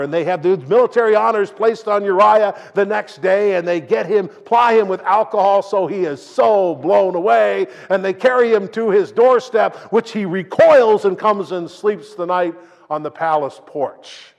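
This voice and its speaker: A man preaching a sermon, retelling a story dramatically and swinging between loud and hushed delivery. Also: high voice, moderate pace, vocal fry, few pauses. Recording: long reverb of a large hall.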